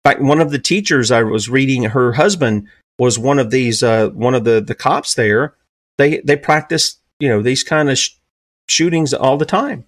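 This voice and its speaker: A man's voice: normal speed, no echo, studio quality. Emphatic Southern man in his fifties. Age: 50s. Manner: emphatic, rhetorical questions, pitch jumping up on key points. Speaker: radio talk show host. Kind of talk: opinionated talk radio commentary.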